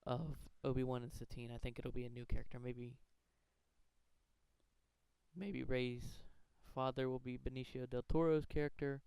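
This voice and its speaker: A man's voice: medium pitch, vocal fry, darkish tone, smooth, no room sound, poor audio. A man earnestly talking through a fan theory countdown, rambling and correcting himself as he goes. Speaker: fan theory video maker. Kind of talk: casual countdown commentary.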